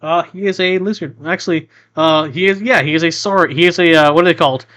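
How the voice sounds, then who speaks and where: A man narrating a tabletop game as its game master, rambling and restarting as he goes. His voice is bright and forceful, with a clean, crisp sound and a somewhat high pitch. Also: fast. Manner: rambling, many restarts and off-topic asides.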